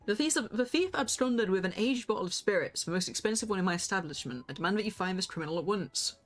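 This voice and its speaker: A woman voicing an indignant male shop owner in a game, brisk and outraged. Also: medium pitch, expressive, faint music behind, voice pushed down, close to an everyday voice.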